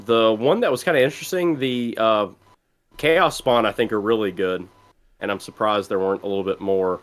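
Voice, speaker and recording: Laid-back low-voiced man, Southern US accent. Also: brisk. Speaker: podcast co-host. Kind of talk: casual chat.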